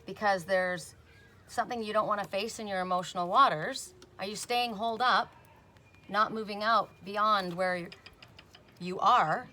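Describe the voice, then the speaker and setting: A woman's voice: medium pitch, measured pace, sharp tone. A woman giving a casual spoken oracle card reading. She chats, often tags on "right?", and breaks off with sudden emphatic "Stop.".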